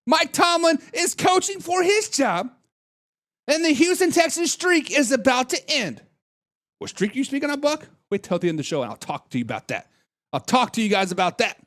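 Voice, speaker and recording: Dude hosting a live football stream, reading the chat, super animated voice that jumps all over, playful and teasing. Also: male voice, extremely high pitch, normal speed. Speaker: host reading chat comments. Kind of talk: casual live-stream sports talk.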